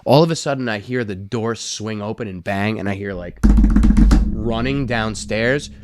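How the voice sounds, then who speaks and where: A man guesting on a comedy podcast, telling profane, animated stories in casual chat, on a close studio mic. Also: fairly low pitch, moderate pace, heavy background noise.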